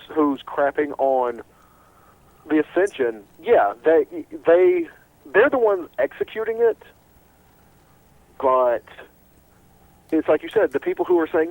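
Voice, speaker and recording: A man's voice: on the high side, unhurried, long pauses, no echo, poor audio. A man hosting a casual sports radio talk show, rambling and full of restarts. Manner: animated and rambling, with many restarts.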